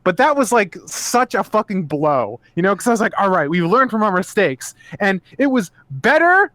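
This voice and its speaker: A man co-hosting a casual podcast, ranting with animated, profane energy. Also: high-pitched, normal speed, dry recording. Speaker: podcast co-host.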